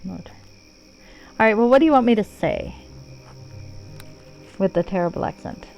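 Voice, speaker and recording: A woman's voice: mid-range voice, expressive, normal speed, creaky, darkish tone, dull audio, soft background music. A woman streaming a game, chatting casually and rambling, swearing freely and joking about herself. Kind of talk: casual live-stream commentary.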